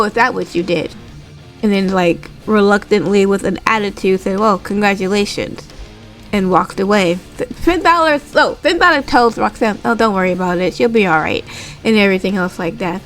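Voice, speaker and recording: A woman casually recapping a wrestling show, retelling scenes with quick impressions and swearing freely. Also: medium pitch. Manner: animated, swears casually, laughs.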